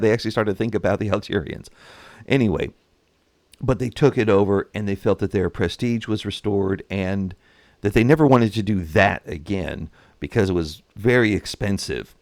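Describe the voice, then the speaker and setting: A man giving casual, animated history commentary, acting out nations in voices and chuckling. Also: on the low side, no echo. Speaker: history and strategy game commentator.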